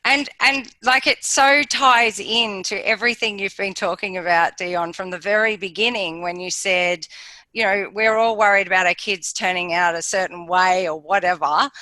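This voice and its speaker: Bright-voiced woman host, dry mic. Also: medium pitch, normal speed, no room sound, rough recording. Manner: affirming, frequent agreeing interjections. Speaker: podcast host. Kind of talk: casual conversational interview.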